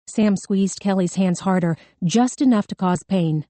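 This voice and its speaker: A woman narrating an audiobook thriller in a measured, tense storytelling manner. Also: medium pitch, warm tone, dry recording. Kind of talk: scripted narration.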